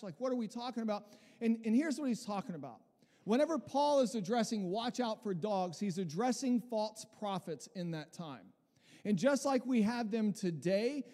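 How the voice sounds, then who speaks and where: Animated male preacher in an echoing hall. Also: high voice. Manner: animated, conversational preaching with restarts and asides. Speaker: pastor. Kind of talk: sermon.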